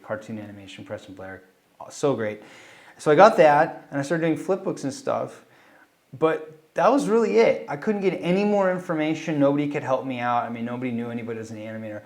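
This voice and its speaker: A man's voice: medium pitch, a little fast. A middle-aged man from California, an animator telling stories of his start in a casual interview, acting out the quoted voices as he goes. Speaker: animator and film director interviewee.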